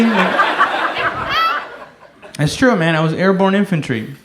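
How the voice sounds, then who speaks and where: A man in his thirties doing stand-up, telling stories in a laid-back way, swearing often and shouting the lines of other people. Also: high-pitched, expressive, very slow, pauses often, very noisy. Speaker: stand-up comedian. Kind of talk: stand-up comedy set. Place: comedy club stage. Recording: echoey comedy club with loud laughter.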